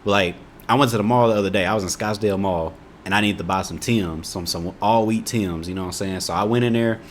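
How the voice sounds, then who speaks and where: A young man from Indiana, with the local accent, talks fast in a lowish voice over slight background noise. He's a YouTuber reacting to a video, casually telling stories and chatting to camera. He's laid-back and rambling, often throwing in "you know what I'm saying."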